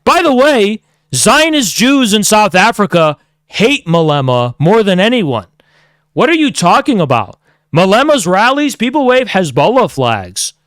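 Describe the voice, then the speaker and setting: A man's voice: sits high, big pitch swings, a little slow, fairly bright tone, no echo, studio quality. A man streaming heated commentary, sarcastic and profane, mocking the people he talks about.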